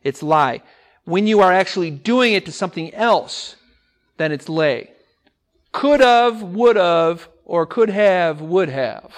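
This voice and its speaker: A male English teacher giving a classroom lecture to speech students, energetic and often asking the class questions and repeating words for emphasis. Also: high voice, slow pace.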